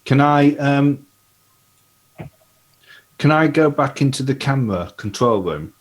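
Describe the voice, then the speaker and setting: A man's voice: medium pitch, lively intonation, a little slow, rough recording. A man playing a tabletop game, stating his character's actions in a matter-of-fact way. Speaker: player.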